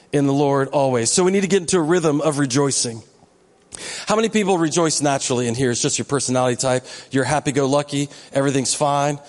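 A man's voice: a little high, a little mellow, big-room sound. A male pastor giving a sermon in a conversational way, with joking asides to the congregation. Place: church sanctuary.

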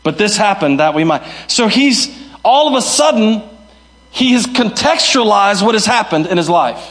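A man preaching a sermon as pastor, moving between sudden high shouts and soft low asides, and acting out the voices of people he quotes. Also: lively intonation, moderate pace.

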